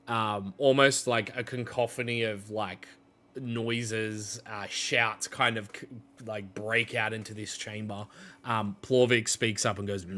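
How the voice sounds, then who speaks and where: A man narrating as game master in a relaxed, hesitant way, with many fillers. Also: lowish voice, slow pace.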